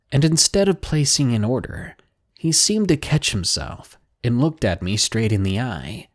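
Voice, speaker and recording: A man narrating a true scary story in an expressive, dramatic reading style with hushed asides. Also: mid-range voice. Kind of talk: scripted horror story narration.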